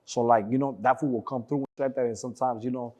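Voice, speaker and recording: A man's voice: mid-range voice, fairly even intonation, quick pace, darkish tone. A man telling a story as an interview guest, casually, in slangy, profane talk that rambles with many fillers.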